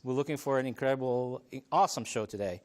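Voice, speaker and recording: Brief: male talk show host, mid-pitched, affable, laughs easily, lots of filler words, live TV studio panel. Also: quick pace. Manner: friendly, chuckles often, many ums and restarts.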